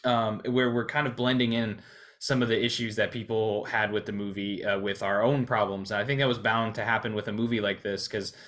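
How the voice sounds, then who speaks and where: A man co-hosting a podcast, talking through a film in a casual way, pausing often with fillers and restarts. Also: on the low side, flat delivery, fairly bright tone. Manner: hesitant, many restarts and fillers. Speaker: podcast co-host.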